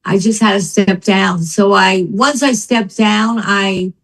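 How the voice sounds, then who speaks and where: In a casual conversation recorded at low quality, an older woman guest relates her story slowly in a mid-range voice. She brings it to life by acting out the people she quotes.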